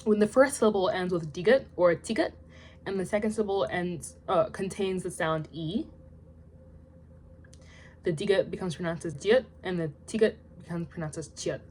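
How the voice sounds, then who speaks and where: A young woman reading out study notes in a casual vlog, chatty and self-deprecating, her asides trailing off into quiet mumbles. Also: on the low side, moderate pace, slight background noise. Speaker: language learner vlogger.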